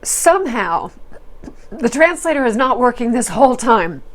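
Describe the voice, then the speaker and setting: A woman's voice: a little high, very animated, normal speed. A woman hosting a reality TV recap, talking in a chatty, opinionated way with fillers and quoted asides. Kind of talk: casual commentary.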